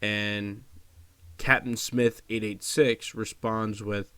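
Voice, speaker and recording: A man with a fairly low voice gives rambling, casual commentary. He swears freely and sounds sarcastic and grossed out as he reads things aloud. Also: flat delivery, takes it slowly, fairly bright tone, clear, resonant tone, no room sound. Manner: disgusted, sarcastic, swears a lot. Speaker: commentary vlogger.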